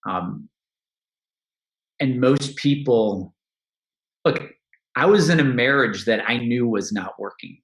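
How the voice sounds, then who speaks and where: A man's voice: mid-range voice, takes it slowly, pauses often. Candid man in an echoey room. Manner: candid, reflective, with frequent restarts and laughs. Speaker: podcast guest, money coach. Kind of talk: casual interview talk.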